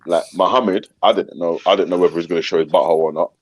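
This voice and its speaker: A man's voice: low-pitched, fairly even intonation, very fast, breathy edge. A man hosting a casual live chat, brash and slang-heavy, swearing freely. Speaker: host.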